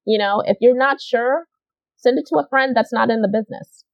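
A woman's voice: on the high side, brisk, gravelly, no echo. A woman casting director talks through her advice in an easy, chatty way, leaning on "you know" and repeating words to stress a point. Her voice comes through a dull, lo-fi remote recording in a dry space. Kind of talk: casual interview chat.

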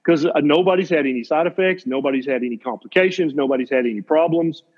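A man's voice: fairly high pitch, fast, darkish tone. A man from Tennessee with a Southern accent, a doctor telling stories as a podcast guest in a blunt, folksy, plain-spoken way. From Tennessee, USA. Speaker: physician guest. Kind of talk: casual podcast storytelling. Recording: dull lo-fi podcast audio.

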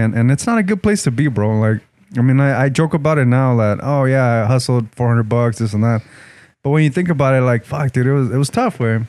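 A man's voice: medium pitch, a little mellow, clear, resonant tone, no echo. A man telling stories in casual, profane chat, slipping into Spanish. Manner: profane, laid-back, switches into Spanish. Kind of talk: casual storytelling.

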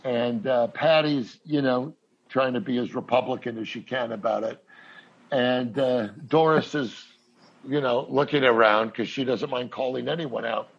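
Man, husky voice, rambling halting storyteller, dull lo-fi sound. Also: medium pitch. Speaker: comedian guest. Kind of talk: casual storytelling.

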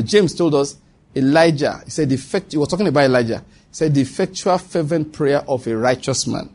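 A man's voice: on the high side, a little mellow, slightly rough. A man preaching a sermon, earnest, teasing and exhorting.

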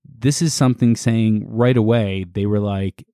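A man co-hosting a casual podcast chat, relaxed and halting as he reads from his notes. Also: on the low side, clear, resonant tone, no room sound, clean studio sound. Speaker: podcast co-host.

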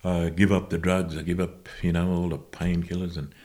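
Man, very low voice, interview guest; slow, halting storytelling that keeps correcting itself. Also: little pitch movement, a little mellow. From Australia. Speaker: guest musician.

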